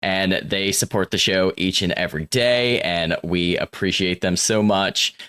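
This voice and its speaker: A man's voice: low-pitched, a little slow, bright, forceful tone, clean tone. A man hosting a podcast, chatting in an upbeat, welcoming way. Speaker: podcast host. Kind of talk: casual podcast chat.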